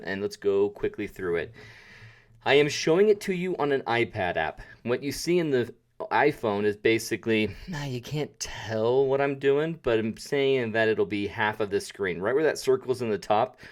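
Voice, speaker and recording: A man hosting a live photography webinar, chatty and self-deprecating, with jokey asides and a voice that drifts toward and away from his desk mic. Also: lowish voice. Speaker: webinar host and photography teacher. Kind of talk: casual live-stream tutorial. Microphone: desk mic, sometimes drifting off it.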